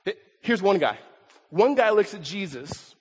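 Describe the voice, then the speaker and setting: A man with a high, slightly husky voice delivers a sermon from the pulpit. He is emphatic and stumbles over repeated words as he presses his point. His voice rings out with long reverb through a large sanctuary. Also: lively intonation, unhurried. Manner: emphatic, stammering restarts, acts out quotes. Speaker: pastor. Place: church sanctuary. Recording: long reverb in a big hall.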